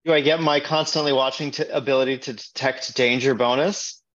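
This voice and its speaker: A man's voice: mid-range voice, fairly even intonation, a little fast, a bit bright, lo-fi sound. A man playing a tabletop role-playing game, joking and teasing the game master. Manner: playful, teasing. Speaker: player.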